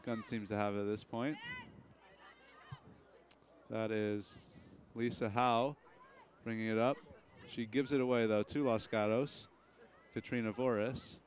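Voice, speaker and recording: A young man calls a school soccer match play by play, steady and even. He is recorded outdoors at the field with a faint hum of noise behind him. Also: on the low side, unhurried. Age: young adult. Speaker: play-by-play announcer. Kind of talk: live sports commentary.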